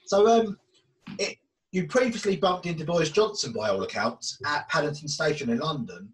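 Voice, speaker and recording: A man's voice: fairly high pitch, moderate pace, far from the mic, low-quality recording. A podcast host asking questions in a casual, hesitant way and often repeating his words. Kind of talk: casual interview.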